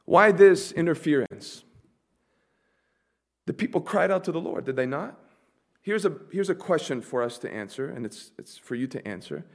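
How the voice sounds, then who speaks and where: A man preaching a sermon, asking the congregation questions and swinging between soft asides and loud, emphatic lines. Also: a little high, animated, normal speed, long pauses. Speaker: pastor.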